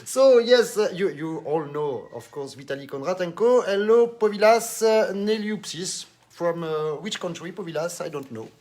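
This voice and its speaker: A man with a French accent hosts a live online show in a casual, effusive way, greeting viewers one by one. His voice sits high for a man. He chats warmly about the music and his guest. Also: expressive, moderate pace, hardly any pauses. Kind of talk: casual live-stream chat.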